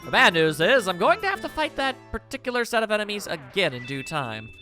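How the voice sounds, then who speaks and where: A man joking his way through a video game with silly exclamations and a lively, bouncing delivery. His tone is bright, and soft game music plays under him. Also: high voice, a little fast. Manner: goofy, jokey, silly exclamations. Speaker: let's play commentator. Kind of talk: casual gameplay commentary.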